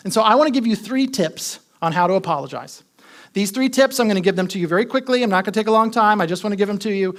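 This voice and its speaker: A man's voice: high-pitched, animated, fast, a bit bright. A man preaching a sermon as pastor, talking conversationally, asking the congregation questions and repeating his key points.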